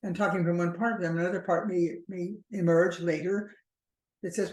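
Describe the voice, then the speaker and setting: Woman, relationship therapist, measured explanatory talk, restarts and fillers, roomy echo. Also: on the low side, steady tone, a little mellow. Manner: measured and thoughtful, slow stretches with frequent restarts and fillers.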